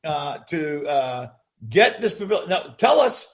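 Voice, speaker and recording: Gravelly high-voiced male host. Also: sing-song, a little slow. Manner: loose questioning with fillers. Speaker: podcast host. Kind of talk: casual podcast interview.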